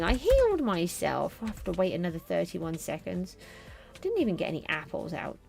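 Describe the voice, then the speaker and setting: A woman's voice: fairly low pitch, wildly swooping pitch, brisk, gravelly, few pauses, darkish tone, soft background music. A middle-aged woman streamer chatting casually to viewers while she plays a game. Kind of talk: casual live gameplay commentary.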